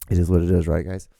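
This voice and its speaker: A man's voice: low voice, vocal fry, mellow, dry recording. A man hosting a casual solo podcast, rambling, swearing and poking fun at himself. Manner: rambling, profane, self-mocking. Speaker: podcast host. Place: indoors, rain outside. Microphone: microphone, host wearing earphones.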